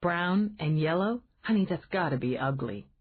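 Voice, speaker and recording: A woman's voice: on the low side, lively intonation, moderate pace, slightly rough. A woman voicing a dry, teasing grown man. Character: wry self-assured grown man, teasing old friend. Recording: tinny phone-like band.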